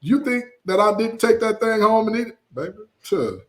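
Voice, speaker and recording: A man co-hosting a sports podcast, talking in an animated, emphatic way with playful asides. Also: high voice, normal speed. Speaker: podcast co-host. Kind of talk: casual sports chat.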